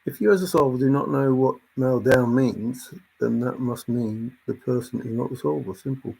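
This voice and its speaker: A man's voice: mid-range voice, moderate pace, gravelly, mellow, breathy edge, poor audio. A man talking casually to viewers in an emphatic, exasperated way, repeating his points as he comments on a treasure hunt.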